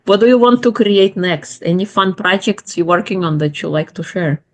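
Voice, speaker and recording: A woman's voice: medium pitch, normal speed. A woman hosting an interview show, affirming her guest enthusiastically before asking the next question. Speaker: podcast host.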